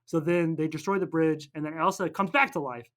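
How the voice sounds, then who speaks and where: A man on a podcast casually recapping a film, rambling and jokey, tossing in quick snatches of character voices. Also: a little high, fairly bright tone. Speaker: podcast co-host.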